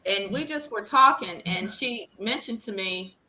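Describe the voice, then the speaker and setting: A middle-aged woman, a grieving mother, speaking earnestly and haltingly as an interview guest. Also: medium pitch, lively intonation, pushed and bright, rough recording. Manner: earnest, halting, repeats words when upset. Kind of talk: emotional conversational interview.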